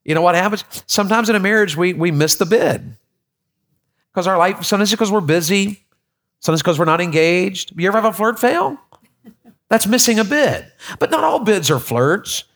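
A man's voice: sits high, expressive, normal speed, a bit bright. A man from Tennessee preaching a sermon in a church, folksy and joking with the congregation, often repeating his words. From Tennessee, USA.

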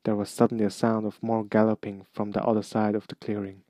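Brief: male narrator, flat even delivery, dry close-mic reading with small slips. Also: lowish voice, fast, dry recording. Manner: steady reading with occasional slips and restarts. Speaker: reader. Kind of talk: amateur audiobook reading.

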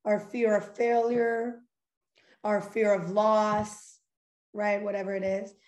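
A woman leads a live motivational call, addressing her audience with energy and directness, throwing out rhetorical questions and bursting into laughter. Her medium-pitched voice is level, slow and slightly mellow, and the sound carries reverb.

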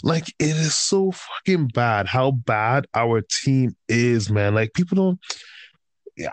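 A podcast host and football fan chats casually, going off on a heated, profane football rant stuffed with "bro" and "man." His middle-range voice has a sing-song lilt and a slightly slow pace. The recording is close and dry, with no room sound.

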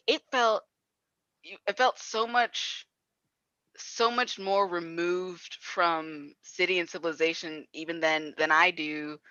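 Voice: mid-range voice, pushed and bright, clean tone, no room sound, dull audio. An interview guest from New Jersey chatting casually, rambling through memories with lots of fillers and laughs.

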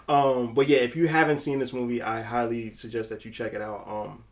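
A young man co-hosting a podcast in casual chat, animated and profane, with stretches where he acts out lines himself. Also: medium pitch, normal speed. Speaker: podcast co-host.

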